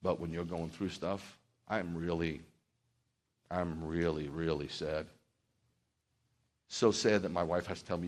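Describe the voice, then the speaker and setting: Man, pastor, sermon, heartfelt and rambling, rises to fervent, lowish voice. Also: fairly even intonation, moderate pace, pauses often.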